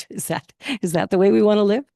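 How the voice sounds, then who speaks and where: A Canadian woman minister giving a casual, candid spoken sermon, chatty and quick to laugh. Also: medium pitch, steady tone, creaky, dark tone, dry recording, clean studio sound. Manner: chatty and candid, laughs often, acts out quotes. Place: spiritual centre in Toronto.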